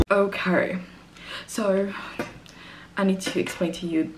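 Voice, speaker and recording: A woman's voice: on the low side, fairly even intonation, slow, pauses often, slight background noise. A woman, talking casually to camera about arranging music, rambling and interrupting herself. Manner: rambling, chatty, self-interrupting. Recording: roomy echo.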